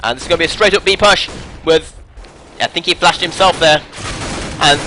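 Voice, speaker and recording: A man casting a live video game match, calling the play quickly with jokey asides. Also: a little high, background noise. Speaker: esports caster.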